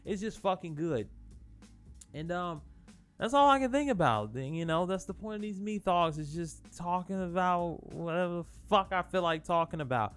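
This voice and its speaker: Casual male host, higher-pitched, swears freely and rambles through restarts, faint music under him. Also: moderate pace, fairly bright tone, clear, resonant tone. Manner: profane, rambling, frequent fillers and restarts. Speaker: channel host. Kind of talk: casual spoiler talk.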